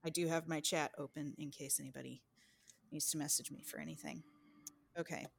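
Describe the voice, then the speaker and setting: A woman acting as game master, calmly asking a player relaxed questions about her character. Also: sits low, fairly quick, creaky, a little hiss or hum. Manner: relaxed, asks gentle questions. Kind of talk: easygoing game-master prep talk.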